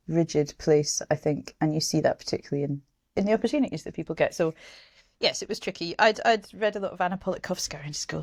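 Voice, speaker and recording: A woman's voice: low-pitched, a little mellow, no room sound, studio quality. A woman in her thirties from Scotland, a journalist talking frankly in a casual interview, swearing now and then and often restarting her sentences. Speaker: journalist and author guest.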